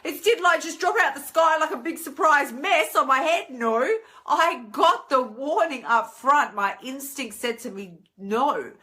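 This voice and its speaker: A woman hosting a live stream, talking in a chatty, animated way and leaping into high voices when she acts out her inner thoughts. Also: unhurried. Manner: chatty and animated, with big pitch swings for acted inner voices. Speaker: host. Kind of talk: casual live-stream monologue.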